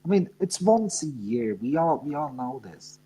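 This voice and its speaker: Deep-voiced enthusiastic woman host. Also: very animated, normal speed, warm tone, poor audio. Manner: enthusiastic, effusive praise. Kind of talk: casual chat.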